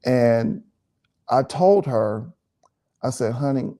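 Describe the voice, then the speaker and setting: Man, preachy, emphatic, animated pitch, warm dark tone. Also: takes it slowly. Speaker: pastor and co-host. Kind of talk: relaxed teaching chat.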